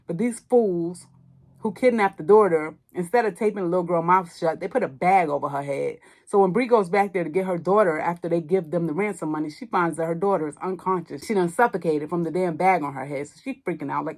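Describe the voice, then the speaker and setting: A woman hosting a podcast, recapping and roasting a movie in a blunt, casual way, full of slang and swearing. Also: lowish voice. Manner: blunt, animated storytelling with slang and profanity. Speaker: podcast host. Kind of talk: casual movie review chat.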